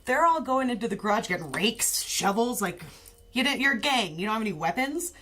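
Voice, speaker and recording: A woman's voice: fairly high pitch, brisk. Profane, laughing woman telling a story. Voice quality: animated, laughing storyteller who acts out others' voices. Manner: profane, sarcastic. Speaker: podcast co-host. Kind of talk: casual storytelling chat.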